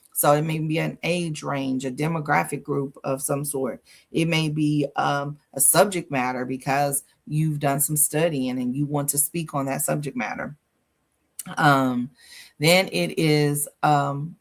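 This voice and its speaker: A woman hosting a livestream, coaching listeners in a lively, sassy way with frequent laughs. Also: deep voice, creaky. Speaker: host. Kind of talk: casual livestream coaching talk.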